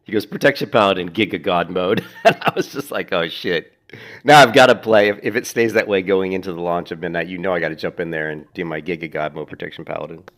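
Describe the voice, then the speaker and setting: A man's voice: sits low, fairly even intonation, fast talker, fairly bright tone. A man chatting casually while playing a game, rambling, laughing often and swearing now and then. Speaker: gaming streamer. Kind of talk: casual gameplay commentary.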